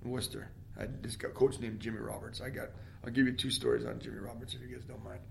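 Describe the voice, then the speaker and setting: A man in his forties from Canada, an interview guest telling animated stories and shouting out quoted lines. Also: medium pitch, quick pace, vocal fry, slight background noise. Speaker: guest, former pro hockey player. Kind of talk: storytelling interview.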